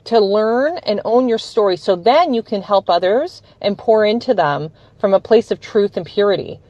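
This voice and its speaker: A woman's voice: mid-range voice, darkish tone, no room sound, highs cut off. A woman hosting a conversational interview, enthusiastic and affirming toward her guest. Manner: enthusiastic, affirming, laughs easily. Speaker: host.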